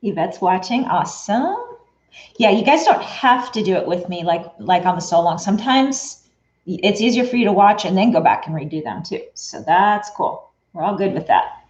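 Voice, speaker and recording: A woman's voice: medium pitch, animated, moderate pace, a little mellow. A woman hosting a casual quilting livestream, chatty and laughing often as she greets viewers by name. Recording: echoey room, dull lo-fi sound.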